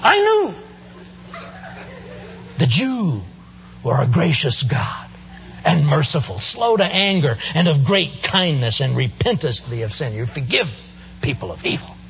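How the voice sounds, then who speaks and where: A man voicing an angry, self-righteous male prophet who rants in a high, shouting voice. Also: wildly swooping pitch, measured pace, pauses often, muffled recording, a little hiss or hum, full character voice. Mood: whining. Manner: shouting, mocking, high-pitched rant.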